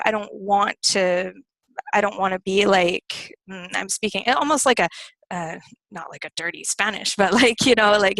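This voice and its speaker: A young woman with an American accent, teaching a live online English lesson in a relaxed, conversational and personal way. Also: medium pitch, dry recording.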